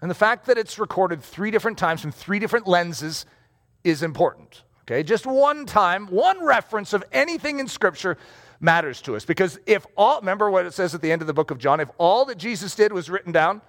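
A man preaching a sermon to a congregation in a conversational, animated way. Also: high-pitched, fairly quick. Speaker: pastor. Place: church hall before a congregation. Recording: long hall reverb.

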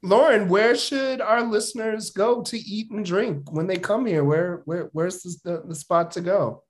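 A woman's voice: medium pitch, a little slow. A woman co-hosting a podcast who chats playfully and asks the guest questions. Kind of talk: casual chat.

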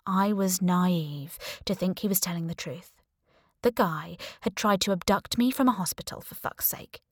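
A woman's voice: lowish voice, normal speed, no echo, clean studio sound. A woman narrating a first-person audiobook in a wry, sardonic way.

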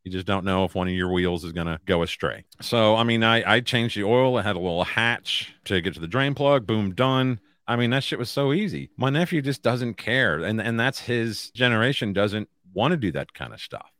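A middle-aged man hosts a podcast from a room in his home and talks in a plain, blunt way full of swearing. His voice is lowish but bright and forward, and the recording is dry. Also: expressive, moderate pace, few pauses, no room sound. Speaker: podcast host. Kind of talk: casual podcast chat.

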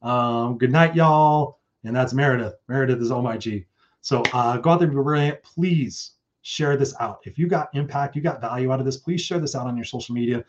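A man's voice: medium pitch, fairly quick, muffled recording. A man hosting his own live stream, talking casually and effusively with some swearing, and reading out chat comments. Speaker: host.

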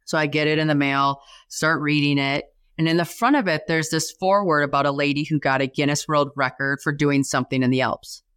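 A woman in her forties, a podcast guest telling her story in a lively way and acting out the voices she quotes. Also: fairly quick, few pauses, clean tone, no room sound, clean studio sound. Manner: animated, acts out quoted voices with big pitch jumps. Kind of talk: storytelling in a casual interview.

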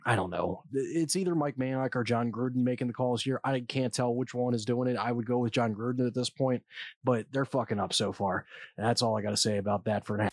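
A man's voice: medium pitch, a little fast, no echo, studio quality. A man giving casual, opinionated commentary on football draft picks, blunt and swearing at times.

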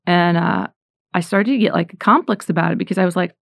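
A woman's voice: lowish voice, fast, creaky, dry recording, clean studio sound. A middle-aged woman from the United States giving a casual, earnest faith talk, chatty and full of fillers. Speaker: Christian speaker.

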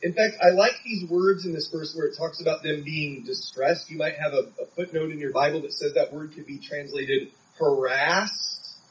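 Male preacher from San Diego, earnest conversational sermon, a bit high-pitched, mic set back, faint crickets behind. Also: normal speed, hardly any pauses, distant mic, low-quality recording.

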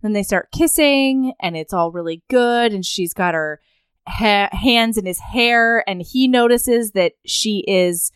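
Woman co-host, smooth clear voice, dry close sound, lively recap chat. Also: mid-range voice, a little slow, no room sound. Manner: animated retelling, acts out lines. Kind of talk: casual book recap chat.

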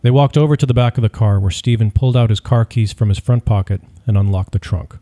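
A man reading a story aloud as narrator, in a steady, measured delivery. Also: on the low side. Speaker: audiobook narrator. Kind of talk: scripted narration.

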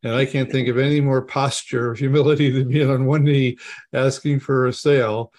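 Male interview host, mid-range voice, warmly affirming, conversational questions. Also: medium pitch, fairly even intonation, fairly quick. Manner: affirming, asks questions, frequent agreement. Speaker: podcast host.

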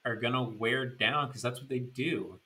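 A man's voice: medium pitch, normal speed, pushed and bright. A man co-hosting a podcast, chatting casually with laid-back, dry wisecracks. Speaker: podcast co-host. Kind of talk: casual sports chat.

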